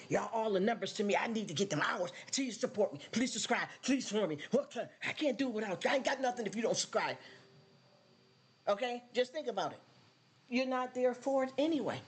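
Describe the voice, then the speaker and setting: A woman hosting her own live stream, talking casually and bluntly, scolding her viewers and repeating phrases for emphasis. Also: mid-range voice.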